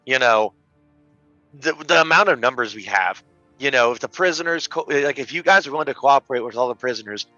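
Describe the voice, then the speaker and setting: A man's voice: medium pitch, expressive, a little fast, bright, forceful tone, no room sound. A man playing a tabletop game, chatty and hesitant, with many fillers. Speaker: player. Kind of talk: casual tabletop play. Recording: dull lo-fi sound with faint music.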